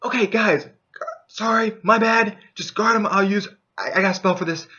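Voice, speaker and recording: A man's voice: high voice, moderate pace, sharp tone, pitched above the performer's own voice. A man voicing a flustered male mage adventurer who hurriedly apologizes. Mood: sheepish. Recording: dull lo-fi recording.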